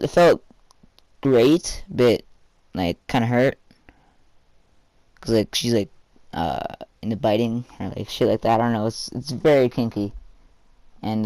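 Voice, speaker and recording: A man's voice: medium pitch, a little mellow, clear, resonant tone, no echo. A teenage boy telling a rambling personal story for a vlog, full of fillers and casual swearing.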